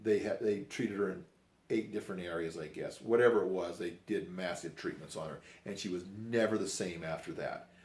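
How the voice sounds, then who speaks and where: A man's voice: low-pitched, fairly quick, a little mellow, echoey room. An older man telling a family story from his life in a rambling, folksy way, acting out the quotes. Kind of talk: personal storytelling.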